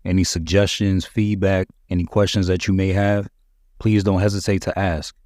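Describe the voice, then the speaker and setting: A man's voice: deep voice, flat delivery, moderate pace, darkish tone, no echo, clean studio sound. A man hosting a solo podcast, talking to listeners in a conversational, emphatic way. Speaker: podcast host.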